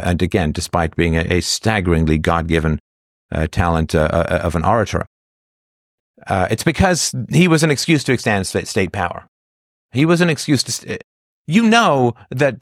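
A man giving a lecturing solo commentary, posing rhetorical questions and pausing on frequent fillers. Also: fairly low pitch, dry recording, studio quality. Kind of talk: solo political monologue.

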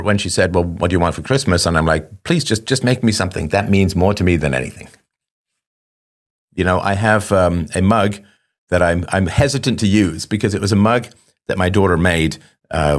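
A middle-aged man hosting a show, talking casually to listeners in a rambling, wry way with self-mocking asides. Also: low voice. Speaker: show host.

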